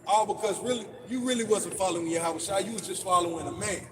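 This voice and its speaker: A man's voice: high-pitched, fast talker. A man leading a casual religious discussion in a preachy way, often repeating his words as he builds a point. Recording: noisy, distant mic.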